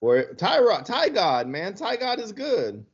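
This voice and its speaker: A man co-hosting a sports podcast, excitable and profane in casual chat. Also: a little slow, breathy edge, highs cut off. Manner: excitable, swears, pitch jumps up when hyped. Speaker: podcast co-host.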